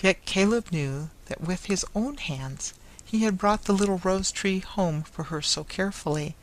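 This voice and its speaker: A reader narrates a classic novel aloud at a measured pace, with an even storytelling delivery in a mid-range voice. The reading is plain and unhurried, made for learners following the text. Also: medium pitch, slight background noise, low-quality recording. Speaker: audiobook narrator.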